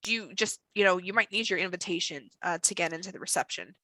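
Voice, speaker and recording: A woman's voice: fairly low pitch, fast talker, pushed and bright, no room sound. A woman voicing an anxious, flustered man checking guests in at a wedding door, harried and apologetic.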